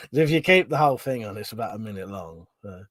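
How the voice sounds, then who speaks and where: A livestream host from southern England reads out viewer comments on a casual stream, laughing often and swearing casually. His voice is on the low side, and there's no echo.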